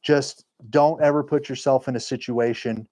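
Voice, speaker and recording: A man's voice: medium pitch, fairly even intonation, normal speed, darkish tone, dry recording. A man hosting a live stream, chatting casually and rambling, often correcting himself as he talks. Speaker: livestream host and engraving business owner.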